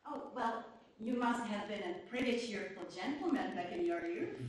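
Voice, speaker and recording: An actress playing a chatty young woman who tells stories with lively, dramatic expression, recorded from far off in an echoey theater. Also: mid-range voice, close to an everyday voice. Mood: animated. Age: young adult. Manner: animated storyteller, slow and expressive. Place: theater stage.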